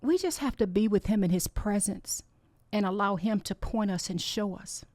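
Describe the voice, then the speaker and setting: A woman's voice: mid-range voice, moderate pace, a little mellow, no echo. Woman host, heartfelt inspirational faith talk, tearful and encouraging, dry close sound. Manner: earnest, encouraging, emotional. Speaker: podcast host.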